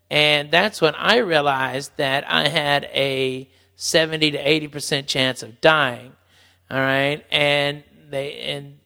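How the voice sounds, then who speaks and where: Gravelly man telling a halting story. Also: a little high, bright, forceful tone, big-room sound. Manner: rambling, halting, swearing. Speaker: podcast host. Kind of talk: storytelling, casual talk.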